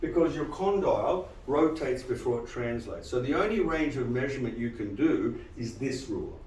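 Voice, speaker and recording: Animated man lecturing in an echoey hall. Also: mid-range voice, normal speed, distant mic, slight background noise. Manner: animated, quizzing the audience, frequent "right?". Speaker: dental lecturer. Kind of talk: live lecture to dentists. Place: lecture room with audience.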